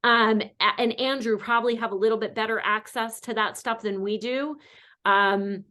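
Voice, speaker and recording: A woman's voice: a little high, fairly even intonation, moderate pace, pushed and bright. A woman from North Carolina hosting an online wine class, chatting casually with many fillers. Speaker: host. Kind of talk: casual chat.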